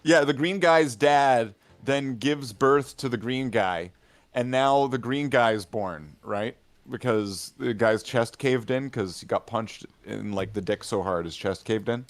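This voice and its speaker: A man's voice: mid-range voice, measured pace. A man in casual chat among friends, telling a long rambling story full of fillers and repeated "right?" checks. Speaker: hobby gaming channel regular.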